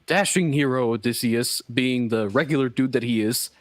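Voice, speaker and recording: A man's voice: mid-range voice, moderate pace, dry recording. A young man co-hosting a casual live stream, joking and slangy with lots of "like" fillers. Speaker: co-host.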